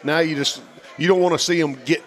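A man, a former pitcher, talking casually about baseball in a halting way full of fillers. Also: steady tone. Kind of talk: casual baseball podcast chat.

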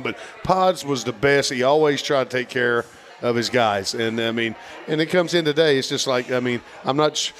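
A man with a mid-range voice reminisces about his playing days. He talks in a halting, meandering way, leaning on fillers as he goes. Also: mid-range voice, fairly bright tone. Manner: halting, full of fillers like "you know". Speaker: former pitcher guest. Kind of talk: casual baseball podcast chat.

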